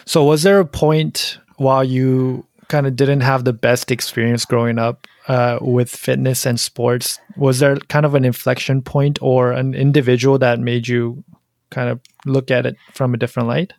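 A woman's voice: a bass voice, flat delivery, moderate pace, darkish tone, no echo, studio quality. A woman hosting a casual interview, laughing along and asking follow-up questions.

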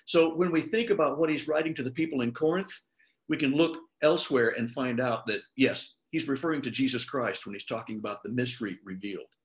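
A middle-aged man preaching a sermon in an easy, conversational way. His voice sits at an ordinary middle pitch, and he slips into lively little voices whenever he quotes someone. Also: brisk. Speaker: pastor.

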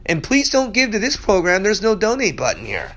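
High-voiced male podcast preacher. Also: wildly swooping pitch, fairly quick, fairly bright tone. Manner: emphatic, repeats words, many restarts. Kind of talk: verse-by-verse sermon podcast.

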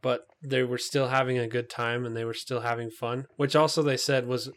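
A man's voice: mid-range voice, level tone, brisk. Chatty man hosting a movie podcast. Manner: chatty, lots of fillers and tangents. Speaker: podcast host. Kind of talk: casual movie chat.

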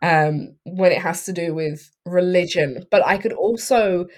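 A woman casually discussing a horror film, chatty, laughing often and filling pauses with ums. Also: lowish voice. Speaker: podcast co-host.

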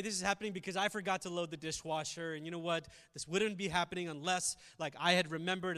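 A male pastor giving a conversational sermon, shifting between loud emphasis and quiet reflective asides. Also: sits high, in a large hall.

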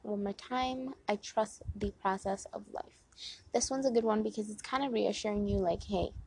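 A woman's voice: mid-range voice, fairly even intonation, normal speed, a little mellow, slightly rough, poor audio. A woman casually talking through positive affirmations on her porch, chatty with many "like" fillers and repeated lines. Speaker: host reading affirmations. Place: outdoors on a porch. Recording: faint wind noise outdoors. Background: wind.

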